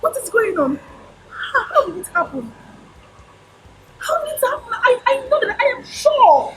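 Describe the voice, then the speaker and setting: A woman's voice: very high voice, big pitch swings, normal speed, a little hiss or hum, exaggerated voice, rough recording. An actress with a Nigerian accent playing a distraught young woman who has lost her memory, frantic and accusing. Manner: frantic, accusing, often shouting. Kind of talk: Nollywood film acting.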